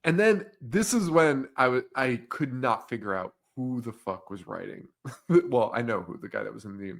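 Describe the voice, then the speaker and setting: In a casual movie-recap chat, a young man co-hosting a podcast retells a film's scenes with frequent laughter and animated quoted voices. His gravelly voice is mid-range and he talks at a moderate pace.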